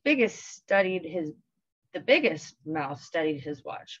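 A woman teacher reading a picture book aloud to children in a gentle, expressive storytelling way. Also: low voice, unhurried, husky, lo-fi sound.

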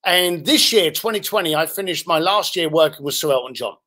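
A man's voice: fairly high pitch, lively intonation, brisk, pushed and bright. A man, a podcast guest, telling anecdotes with animation and acting out the voices of the people in them. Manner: acts out other people's voices while telling stories.

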